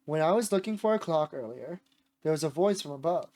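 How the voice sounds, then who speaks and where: A man with a sore voice voicing a chatty, excitable young woman while reading a visual novel aloud. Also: fairly high pitch, fairly quick. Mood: eager.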